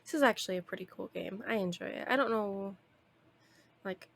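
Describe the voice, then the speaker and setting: A woman's voice: medium pitch, a little fast, vocal fry, a little hiss or hum. A young woman streaming a video game, chatting casually in a rambling way and laughing often.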